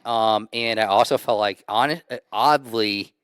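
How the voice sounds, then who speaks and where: A man's voice: fairly low pitch, measured pace, a bit bright, smooth, dry recording, clean studio sound. A man co-hosting a podcast, giving opinionated takes in casual chat with frequent restarts. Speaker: podcast co-host.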